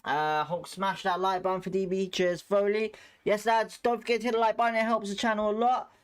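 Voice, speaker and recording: A man hosting a live football watchalong who calls the play with excitable reactions and greets chat viewers by name between moments of the match. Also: high voice, a little fast, smooth. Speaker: watchalong host.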